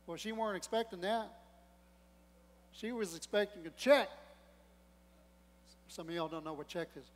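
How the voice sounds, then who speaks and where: A man with a high, bright voice preaches to his congregation, swelling to loud emphasis and dropping into asides. The sound rings with a long reverb off the walls of a church sanctuary. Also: normal speed, pauses often. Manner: preaching with rising emphasis and humor, acting out quotes. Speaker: pastor. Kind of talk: sermon.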